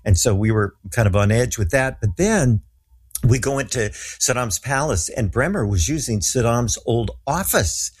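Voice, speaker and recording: A man's voice: mid-range voice, moderate pace, breathy edge. A middle-aged man, a guest minister, telling a story earnestly and with animation in a talk show interview.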